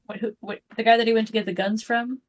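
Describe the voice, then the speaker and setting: A woman co-hosting a podcast in casual chat, chiming in with short relaxed remarks. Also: on the high side, fast. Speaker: podcast co-host.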